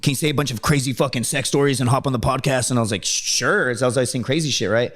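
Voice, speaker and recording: A man's voice: mid-range voice, fairly bright tone. A man telling rambling, profane stories in casual podcast chat. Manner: profane, rambling, fast storyteller. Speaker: guest. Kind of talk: casual storytelling.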